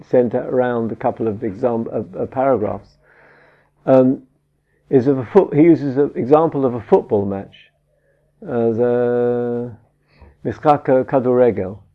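On a dull, lo-fi recording, a male meditation teacher delivers a dharma talk on Buddhism in a warm voice that sits on the high side. He speaks haltingly, often restarting as he searches for the right words.

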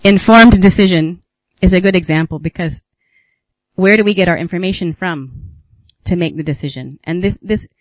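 Man, retreat teacher, reflective talk, fairly high voice, dry close sound, slightly dull lo-fi recording. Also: no echo. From United States. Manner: unhurried and musing, with gentle laughs and pauses.

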